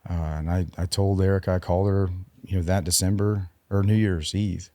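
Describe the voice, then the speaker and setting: A man in his forties, a podcast guest and military veteran, telling his personal story in a halting, subdued way, with frequent restarts. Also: low-pitched, steady tone, warm tone, dry recording.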